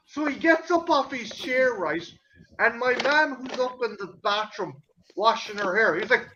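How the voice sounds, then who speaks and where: A man tells a family story in loose casual chat, his voice high and bright. He swears freely and acts out his parents' lines. The audio is slightly muffled, with a faint hiss behind it. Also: normal speed. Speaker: host.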